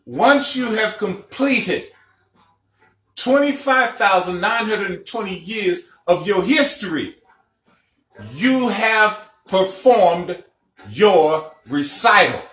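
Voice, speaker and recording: A middle-aged man from Illinois, USA, a spiritual teacher, gives a recorded lecture broadcast in a high, fairly bright voice with lively intonation and a slow pace. He tells stories emphatically and keeps checking in with his listeners. The room is echoey, with faint music behind him.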